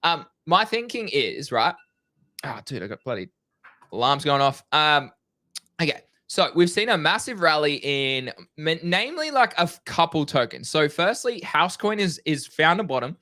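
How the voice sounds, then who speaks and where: A young man co-hosting a casual crypto trading live stream, energetic and slangy. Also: on the high side, moderate pace, no echo, studio quality. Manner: energetic, excitable, slangy, swears.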